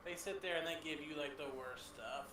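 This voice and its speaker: A man's voice: on the high side, a little fast, pushed and bright. A man chatting and teasing his friend during a group game session. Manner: teasing, blunt. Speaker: co-player friend. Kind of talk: casual gaming voice chat. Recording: distant, roomy, noisy voice chat.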